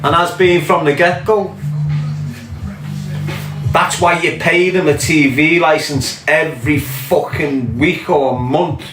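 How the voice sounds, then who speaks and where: Scouse man, angry sweary rant, raised pitch, echoey room, faint music behind. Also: steady tone, slow. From Liverpool, England. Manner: angry, ranting, sweary, repeats pointed questions. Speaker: podcast host. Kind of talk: impassioned monologue.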